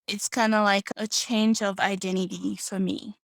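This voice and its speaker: Woman in her late twenties, podcast guest, soft-spoken and earnest, medium pitch, dry sound. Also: level tone, normal speed, gravelly, no room sound. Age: 20s. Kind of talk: personal storytelling.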